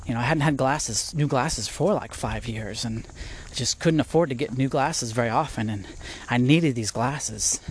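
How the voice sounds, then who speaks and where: A young man telling a personal story in a casual sermon, laughing often and swinging between loud bursts and quiet, low asides. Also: normal speed, a little hiss or hum. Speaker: preacher.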